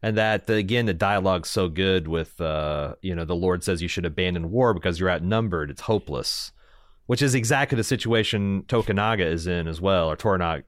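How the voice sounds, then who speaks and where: A man with a low voice talks casually as a podcast co-host, animated and quick to act out lines in funny voices. He often stops and restarts mid-thought. The sound is close and dry, with no room echo. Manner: animated, acts out quotes, trails off and restarts. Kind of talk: casual chat.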